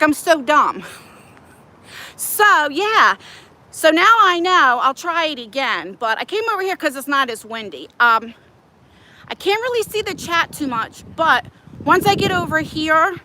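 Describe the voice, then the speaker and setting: A woman's voice: high-pitched, animated, a little slow, bright, forceful tone. A woman chatting casually with her viewers on a livestream, rambling and greeting people in the chat, filmed on a phone held on a selfie stick, first outdoors in the wind and then in a parked car. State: out of breath. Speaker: vlogger hosting a livestream.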